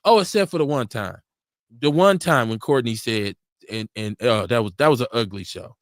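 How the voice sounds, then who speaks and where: A man's voice: medium pitch, moderate pace, no room sound, studio quality. A man hosting a casual live radio talk show, telling stories with lots of laughter and acting out what people said. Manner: animated, laughing storyteller acting out quotes. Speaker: show host. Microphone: studio mic for a live stream.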